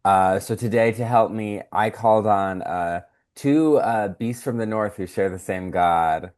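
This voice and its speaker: A man hosting a podcast in casual chat, jokey and quick with asides, laughing often. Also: lowish voice, a little mellow. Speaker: podcast host.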